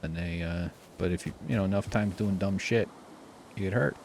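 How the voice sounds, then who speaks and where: A man telling a rambling story while playing a game, swearing freely and doing loud impressions. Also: sits low, normal speed, gravelly, slight background noise. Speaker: streamer. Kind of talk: casual gameplay commentary. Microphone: desk mic with face cam.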